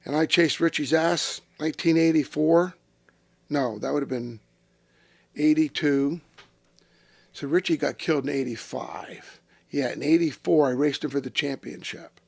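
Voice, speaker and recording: Older guy, gravelly, kinda high voice, cussing his way thru old racing stories, dry mic. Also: unhurried, no room sound. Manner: salty, profane, animated storyteller. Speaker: retired race car driver, interview guest. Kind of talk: casual storytelling interview. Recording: dry close-miked studio sound.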